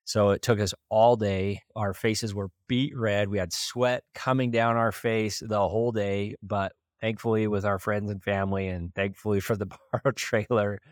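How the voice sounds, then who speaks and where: A man from Idaho in his thirties, a podcast host telling a heartfelt personal story in an earnest, warm-hearted way. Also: fairly low pitch, little pitch movement, normal speed, hardly any pauses, no echo, studio quality. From Idaho, USA. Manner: earnest, heartfelt, with light laughs.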